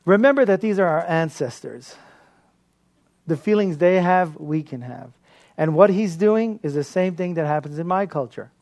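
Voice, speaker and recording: Animated laughing male pastor. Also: on the high side, moderate pace. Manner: animated storytelling with frequent laughter. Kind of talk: sermon.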